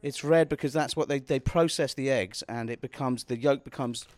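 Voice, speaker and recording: A man's voice: mid-range voice, moderate pace, dry recording. A British man hosting a podcast, casual chat recorded at a house party, often cutting himself off mid-sentence. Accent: British English. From Britain. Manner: rambling and self-interrupting. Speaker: podcast host.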